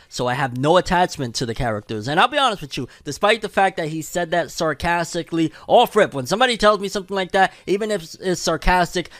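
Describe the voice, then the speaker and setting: Chatty man with a higher voice. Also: fairly bright tone, dry recording, studio quality. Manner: chatty and slangy, thinks aloud. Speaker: anime news commentator. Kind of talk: casual commentary.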